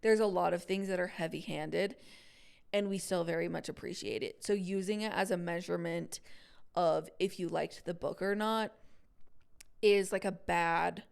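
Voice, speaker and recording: A woman co-hosting a podcast, chatting casually about books with quick asides. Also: fairly low pitch, vocal fry, smooth. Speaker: podcast co-host. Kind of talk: casual chat.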